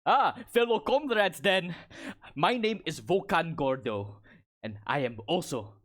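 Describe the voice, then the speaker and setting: A man voicing a boisterous, amused female giant warrior in her twenties, speaking heartily and slowly. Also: on the low side, animated, pitched above the performer's own voice. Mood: friendly. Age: 20s.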